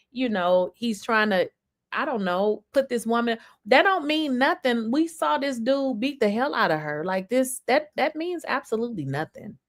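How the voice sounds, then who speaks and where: A woman hosting a casual news commentary, incredulous and emphatic, with laughs and restarts. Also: on the high side. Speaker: commentary host.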